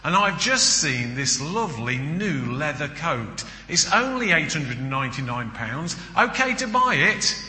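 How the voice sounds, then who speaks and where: A man voicing an excited wife who talks her husband into big purchases over the phone, in a gushing, wheedling way. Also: a little high, unhurried, few pauses, full character voice. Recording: echoey church hall, long reverb.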